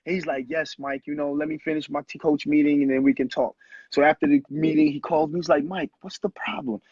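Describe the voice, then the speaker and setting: A man in his thirties, a former pro basketball player and guest, telling animated stories in casual talk and acting out quotes. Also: a little high, a little fast, no room sound. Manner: animated storyteller who acts out quotes. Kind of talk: casual storytelling interview. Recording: muffled lo-fi audio, husky.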